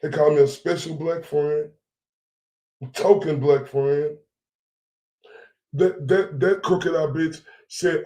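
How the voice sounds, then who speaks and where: A man speaking rants to his followers in a heated, profane vlog monologue. His voice sits a bit higher than most men's, and he keeps circling back with "right?" and repeated phrases. The room around him rings with echo. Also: fairly even intonation, slow, long pauses, warm tone. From Dallas area. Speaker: vlogger.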